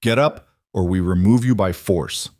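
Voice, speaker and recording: A man voicing a gruff, hostile male security guard who barks orders. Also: low-pitched, moderate pace, a little mellow, no room sound, studio quality. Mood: menacing. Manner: growling, barking orders.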